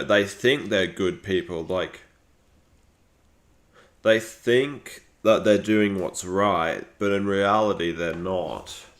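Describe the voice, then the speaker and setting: Low slow guy on a livestream, rambles, lots of um and like, restarts his sentences. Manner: rambling, frequent fillers and restarts. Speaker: streamer. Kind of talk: casual live-stream commentary.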